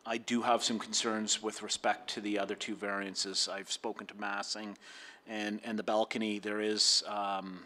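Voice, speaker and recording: A man speaking at a committee meeting, slow and careful, stopping often to restart his thoughts. His voice sits a little low but has a bright, forward edge. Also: flat delivery. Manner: halting, measured, many fillers and restarts. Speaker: committee member. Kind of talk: council meeting remarks.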